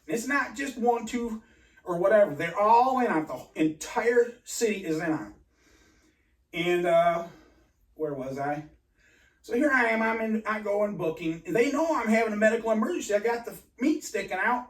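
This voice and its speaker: A man's voice: high-pitched, lively intonation. Guy ranting his story all stop-start and cussing, echoey room. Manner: agitated, halting, many restarts; profane. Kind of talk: rambling personal story. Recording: roomy and distant from mic.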